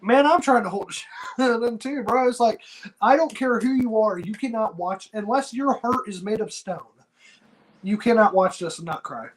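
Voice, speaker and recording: A man with a high voice speaks in casual podcast chat as a wrestling show co-host. He talks earnestly and from the heart, full of slang. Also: normal speed, a little hiss or hum, poor audio.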